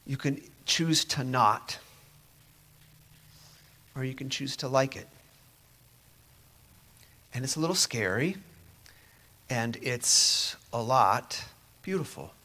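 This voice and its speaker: A man preaching a sermon in a conversational way, dropping to near-whispers at times. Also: medium pitch. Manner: conversational, moving between quiet near-whispers and emphatic rises.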